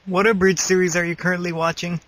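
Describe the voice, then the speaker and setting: A man's voice: high-pitched, little pitch movement, quick pace, fairly bright tone. A man interviewing a guest, reading short questions plainly.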